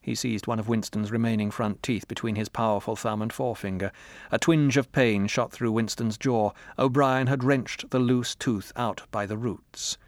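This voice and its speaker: A man narrating an audiobook with measured, grave storytelling. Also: medium pitch, fairly even intonation, no echo. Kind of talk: scripted narration.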